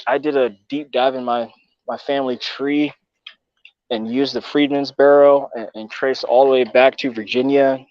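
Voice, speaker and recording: A man's voice: mid-range voice, no echo, lo-fi sound. A man from Texas talking casually as a co-host, rambling and swearing with many fillers. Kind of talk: casual chat.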